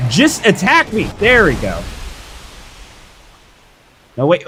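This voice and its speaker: Excitable young male game streamer. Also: a little high, a little slow, pauses often, slight background noise. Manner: excitable, hyped shouts while fighting. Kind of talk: live gameplay commentary chatting with viewers.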